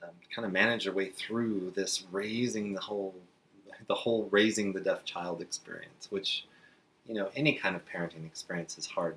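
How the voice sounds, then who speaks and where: A man teaching beginner sign language to parents in a friendly, chatty way, slowing down while he demonstrates signs. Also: deep voice. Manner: relaxed, chatty, with frequent fillers and slow demonstrating passages. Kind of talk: friendly instructional talk to parents.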